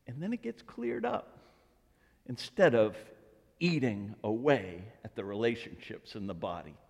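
A man preaching as a pastor, his voice pitched a bit high and trailing off into a long church reverb. He tells stories and plays out little dialogues, jumping from loud outbursts to hushed asides. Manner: animated storytelling, acting out dialogue with swings of pitch and volume. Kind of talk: sermon. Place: church sanctuary.

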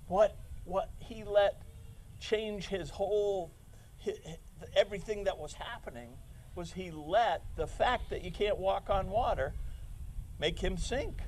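A man preaching a sermon in a casual, animated way, joking and acting out quotes with sudden loud shouts. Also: a little high. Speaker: pastor.

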